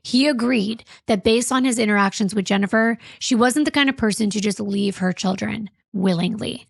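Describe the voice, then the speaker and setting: Expressive woman hosting a true crime podcast. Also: medium pitch, normal speed, vocal fry, slightly rough, no echo, studio quality. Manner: expressive, reacting with indignation. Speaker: podcast co-host.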